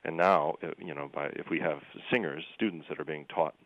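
A man's voice: very deep voice, steady tone, brisk, hardly any pauses, phone-quality sound. A man who sings opera, talking in a rambling conversational way with many fillers and restarts. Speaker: opera singer. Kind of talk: casual conversation.

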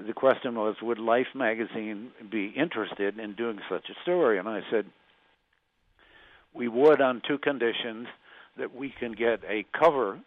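An older man, a former magazine journalist, recalling past stories as an interview guest, speaking haltingly with frequent restarts. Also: mid-range voice, no echo, narrow, tinny audio. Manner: halting, with many restarts and fillers.

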